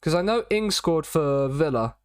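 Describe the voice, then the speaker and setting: A man's voice: on the high side, lively intonation, normal speed, clean tone, no echo, studio quality. A young man chatting casually as he streams a football management game, rambling and repeating his catchphrases. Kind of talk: casual live-stream commentary.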